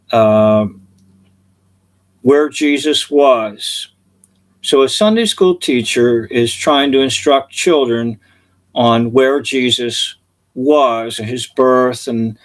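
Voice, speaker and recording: A man preaching, telling funny illustrations with chuckles as an animated storyteller. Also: mid-range voice. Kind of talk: sermon illustrations, storytelling jokes.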